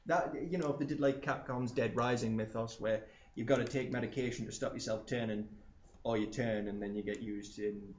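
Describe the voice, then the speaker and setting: A man co-hosting a casual gaming podcast, animated and swearing freely. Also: medium pitch, brisk. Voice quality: animated, swears freely, acts out silly voices. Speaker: podcast co-host. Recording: echoey room, dull lo-fi sound, faint hiss.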